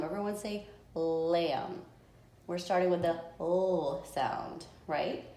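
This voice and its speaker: A woman's voice: fairly low pitch, a little mellow. A woman teacher giving a lesson to young children, patiently sounding out words and clapping syllables. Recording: echoey room with faint noise.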